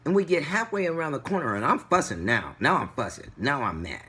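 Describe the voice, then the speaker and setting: A man vlogging, retelling a story in an animated, indignant way. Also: on the high side, a little fast, hardly any pauses, husky. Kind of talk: casual storytelling vlog.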